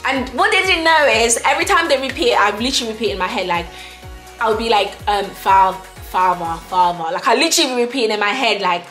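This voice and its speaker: A woman's voice: on the high side, lively intonation, fast talker, sharp tone, echoey room, soft background music. A young woman from Ghana with a Ghanaian English accent, telling a casual storytime vlog, chatty and laughing often as she acts out exchanges. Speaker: vlogger.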